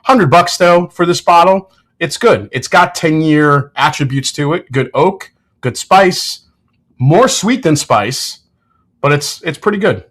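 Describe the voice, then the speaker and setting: A man's voice: a little high, a little slow, fairly bright tone. A man hosting a casual whiskey livestream, giving tasting notes, joking with chat and swearing freely.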